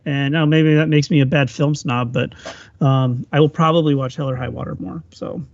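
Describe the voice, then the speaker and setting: A man co-hosting a podcast, musing on films with thoughtful pauses. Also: a little high, fairly even intonation, creaky, dry recording. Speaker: podcast co-host. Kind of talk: casual film discussion. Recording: dull, dry lo-fi audio.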